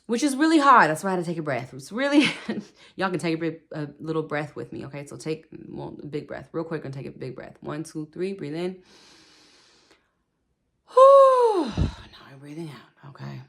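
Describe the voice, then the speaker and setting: A woman's voice: sits low, expressive, fairly quick, a bit bright. A woman hosting a spiritual wellness talk, chatting casually with her viewers and laughing often. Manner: chatty, laughs often, repeats "okay", speaks to viewers directly. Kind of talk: casual spoken advice.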